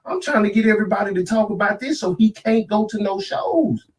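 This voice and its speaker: In heated, casual podcast talk, a man rants angrily and preachily, cursing freely as he argues his point. His voice is high-pitched, expressive and brisk, and he sits a little back from the mic, so he sounds slightly distant.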